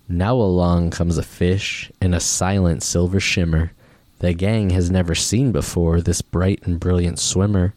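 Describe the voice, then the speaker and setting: A man reads a children's picture book aloud, keeping a steady rhyming rhythm. His voice is very deep and he takes it slowly. It is recorded close and dry. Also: no room sound. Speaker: storybook reader.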